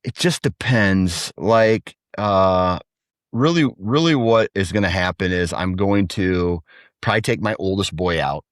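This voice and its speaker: A man's voice: deep voice, a little slow, no room sound, clean studio sound. A man in his thirties, a podcast guest and hunter, telling rambling stories about his kids in casual chat. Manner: rambling, animated when quoting his kids.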